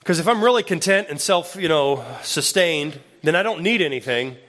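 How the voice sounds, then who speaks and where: A man's voice: a little high, moderate pace. Conversational male associate pastor preaching. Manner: conversational, lively when quoting scripture. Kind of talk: sermon.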